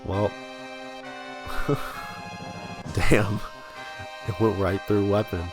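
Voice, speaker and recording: A man's voice: lowish voice, little pitch movement, drawn-out words. A young man casually commenting over a video game he is playing, laughing often and swearing freely. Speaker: let's play commentator. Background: game music.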